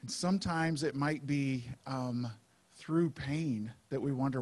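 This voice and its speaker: A man preaching a sermon as pastor, in a conversational, unhurried way with frequent fillers. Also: medium pitch, animated, a little mellow.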